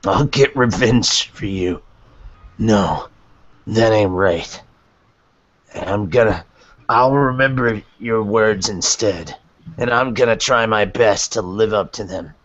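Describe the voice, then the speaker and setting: A man voicing a brash young thug in a live fan reading, rough-spoken and defiant. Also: fairly low pitch, slow, fairly bright tone, no echo. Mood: somber. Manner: rough, defiant, then somber. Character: gruff brash young male dragon-slaying thug. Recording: dull dry podcast audio.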